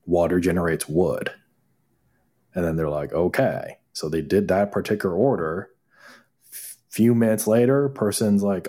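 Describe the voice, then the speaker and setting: A man who is an acupuncturist, talking as a podcast guest in a casual, animated storytelling way and acting out the dialogue he quotes. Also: sits low, moderate pace, long pauses.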